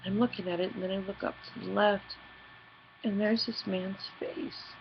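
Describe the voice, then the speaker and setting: This is a woman with a gravelly, creaky voice, talking in an earnest, halting way about her investigations as a personal video diary. She stumbles and restarts often. The sound is dull and lo-fi, with a faint hiss behind her. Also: mid-range voice, little pitch movement. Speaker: paranormal investigator and team leader.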